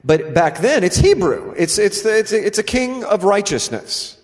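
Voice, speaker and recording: A man's voice: high-pitched, big pitch swings, normal speed. Emphatic man with a raised voice, restarting phrases. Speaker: co-host. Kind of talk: scripture teaching discussion. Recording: long hall reverb.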